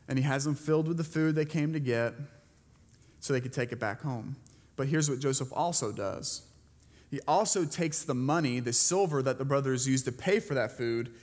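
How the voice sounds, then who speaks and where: A pastor's slightly high voice carries a long reverb tail as he preaches to a church congregation. He retells a Bible story conversationally and keeps posing questions to the listeners.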